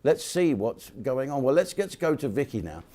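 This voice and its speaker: A man hosting a live comedy chat show. He jokes and teases his guests in relaxed banter, with a voice of ordinary pitch for a man. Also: normal speed. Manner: joking, teasing banter. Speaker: host.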